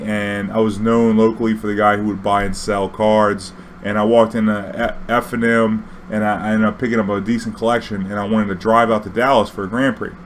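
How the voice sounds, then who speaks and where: A young man telling a story casually, profane and animated, acting out dialogue. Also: on the low side, slight background noise.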